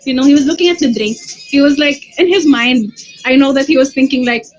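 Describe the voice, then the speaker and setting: A young woman with a Filipino accent, telling a story to her livestream viewers in animated Taglish and calling them bestie. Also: high-pitched, fairly quick, soft background music, low-quality recording. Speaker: livestream personality.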